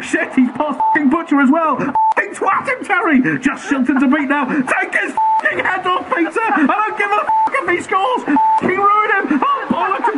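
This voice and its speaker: A man's voice: a little high, very noisy. A man voicing a foul-mouthed English football commentator who screams abuse at the players. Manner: screaming swearing rants at players.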